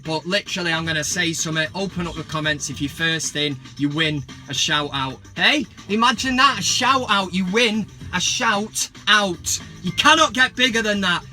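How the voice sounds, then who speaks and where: A man, ranting about football in a sarcastic, sweary, comic way. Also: a little high. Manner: sweary, sarcastic, bursts of mock excitement. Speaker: football vlogger. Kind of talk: casual comic rant.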